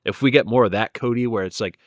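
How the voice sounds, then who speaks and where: A man's voice: medium pitch, fast, dry recording, lo-fi sound. A man giving a casual, rambling wrestling review, retelling with many fillers and plenty of enthusiasm.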